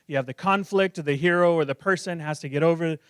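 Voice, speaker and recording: A man's voice: fairly high pitch, fast, a bit bright, smooth, no room sound, clean studio sound. A male pastor preaching a sermon in a joking, self-deprecating, conversational way.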